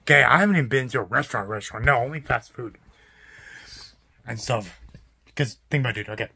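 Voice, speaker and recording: A young man in a profane, exasperated vlog rant about his fast food job, repeating himself as he vents. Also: mid-range voice, vocal fry, bright, forceful tone, husky. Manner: exasperated, profane, repetitive ranting. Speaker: fast food worker ranting.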